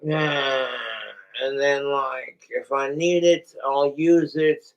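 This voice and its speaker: A man's voice: medium pitch, little pitch movement, slow pace. A young man livestreaming from home, rambling and swearing in a frustrated, casual monologue. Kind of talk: casual live-stream monologue.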